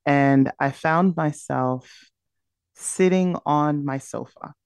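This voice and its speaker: A woman's voice: deep voice, slow pace, a little mellow, clear, resonant tone, no room sound, clean studio sound. A woman speaking as a podcast guest, candidly and reflectively telling a personal story. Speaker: podcast guest, burnout coach.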